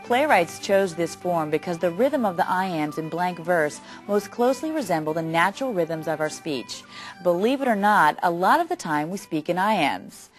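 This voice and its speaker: A woman's voice: lowish voice, animated, normal speed, breathy edge, faint music behind. A woman giving scripted educational narration, breaking ideas down step by step.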